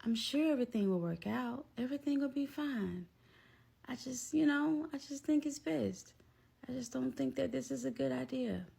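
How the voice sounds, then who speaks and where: A woman voicing a calm, mellow young woman who delivers hard news in a soft, flat tone. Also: moderate pace, vocal fry, husky, exaggerated voice. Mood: quietly detached. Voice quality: soft, low-key, flat tone.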